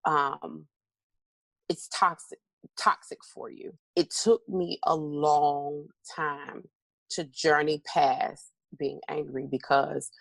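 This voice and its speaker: In a candid conversational interview, a middle-aged woman who is a motivational speaker tells stories with animation, acting out what she said back. Her voice sits low and is creaky, with a level tone and slow delivery. No room sound is present.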